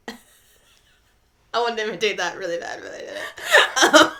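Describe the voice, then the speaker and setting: A woman's voice: a little high, very animated, slow, pushed and bright. A young woman with a Californian Valley Girl accent co-hosting a podcast, chatting casually with lots of "like" and frequent laughs. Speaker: podcast co-host. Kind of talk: casual chat.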